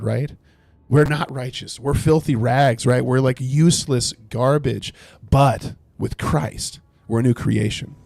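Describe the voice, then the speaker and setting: A man's voice: medium pitch, gravelly, a little mellow, dry recording. A man leading a livestreamed Bible study, earnestly reading scripture aloud and explaining it, now and then thanking viewers in chat.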